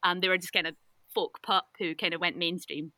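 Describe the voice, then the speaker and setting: Woman, chatty podcast guest, bright dry sound. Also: on the low side, steady tone, no room sound. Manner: chatty, upbeat, quick laughs. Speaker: podcast guest discussing research. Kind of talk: casual chat.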